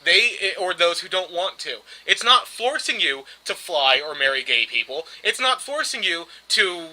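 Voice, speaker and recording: Lively, bright-voiced man pressing his point. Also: high voice, unhurried. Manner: exasperated, insistent, repeats his point. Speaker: podcast co-host. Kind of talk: casual argumentative podcast chat.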